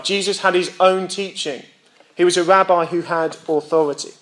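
Man, young adult, preacher, high-pitched, sermon, reads scripture, rhetorical questions. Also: fairly even intonation, moderate pace, a bit bright. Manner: explains and checks in with listeners.

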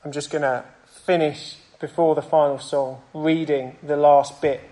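A young man preaching a sermon and praying, earnest and conversational, with pauses and small restarts. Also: on the high side, little pitch movement, dark tone, rough recording. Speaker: pastor. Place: church.

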